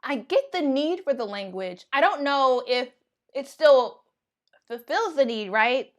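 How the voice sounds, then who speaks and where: A woman's voice: high voice, lively intonation, measured pace. Chatty American woman thinking aloud. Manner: conversational, thinks aloud with fillers and restarts. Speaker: YouTube commentator. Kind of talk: casual livestream commentary.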